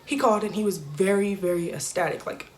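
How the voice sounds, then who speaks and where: A young woman telling an emotional personal story in a halting, soft-spoken way with many fillers. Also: mid-range voice, a little hiss or hum. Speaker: YouTuber.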